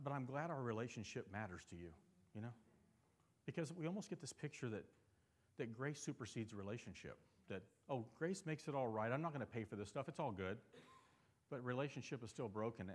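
Man preaching with animated emphasis. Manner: conversational preaching with frequent rhetorical questions; swings between animated emphasis and soft, low earnest passages. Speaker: pastor. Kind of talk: sermon.

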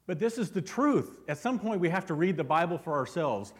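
A man's voice: a little high, big pitch swings, brisk, slightly rough. A man preaching a sermon as pastor, fervent and constantly asking his congregation questions.

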